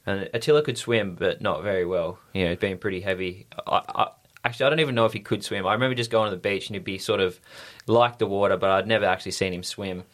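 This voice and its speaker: An Australian man telling stories as a podcast guest in an easygoing, rambling way with lots of fillers. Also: fairly low pitch. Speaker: podcast guest, stunt rider. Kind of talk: casual storytelling.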